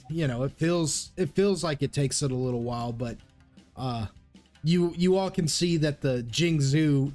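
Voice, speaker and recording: A man's voice: mid-range voice, darkish tone. A man narrating as a game master in a loose, casual way full of fillers.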